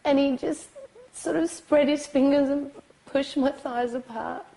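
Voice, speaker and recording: Tearful woman giving slow testimony. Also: sits high, fairly even intonation, vocal fry, dark tone, rough recording. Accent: British. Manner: halting, pausing, hesitant with many ums. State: crying, sobbing. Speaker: abuse survivor recounting her experience. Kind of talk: documentary testimony.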